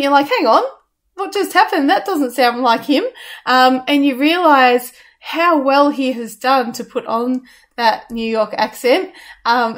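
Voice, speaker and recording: Chatty woman reviewing a show. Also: high-pitched. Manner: hesitant, many ums and restarts. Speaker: radio co-host reviewing a musical. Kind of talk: casual review chat.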